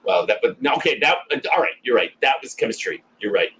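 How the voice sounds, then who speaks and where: Husky-voiced man joking about a movie. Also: mid-range voice, lively intonation, fast talker, fairly bright tone, low-quality recording. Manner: joking, laughs often, acts out quoted lines. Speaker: podcast co-host. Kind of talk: casual crude movie chat.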